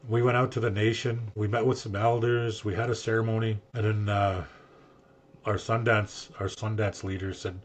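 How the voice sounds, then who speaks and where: An older man on a podcast, earnestly telling a personal story and acting out what people said to him, with a husky voice. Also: on the low side, flat delivery, normal speed, a little hiss or hum. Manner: earnest, emotional storyteller who acts out quoted speech. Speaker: guest sharing his story.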